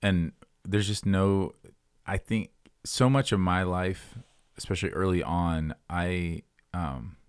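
A man's voice: deep voice, slow, clean tone, no echo, studio quality. A man co-hosting a casual faith discussion, talking earnestly and rambling with many fillers and restarts. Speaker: co-host.

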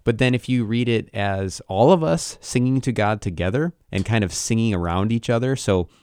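A man co-hosting a casual faith discussion, talking in a thoughtful, halting way and often restarting his sentences. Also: on the low side, darkish tone, clean tone, dry recording, studio quality. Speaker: co-host.

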